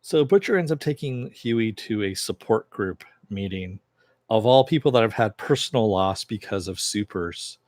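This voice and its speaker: A man with a fairly low voice talks through an episode recap in a loose, chatty way. He fills pauses often and chuckles as he retells the scenes. The sound is dry, with no room around it. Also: lively intonation, a little mellow, dry recording. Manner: chatty, many fillers, chuckles while retelling. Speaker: TV series reviewer.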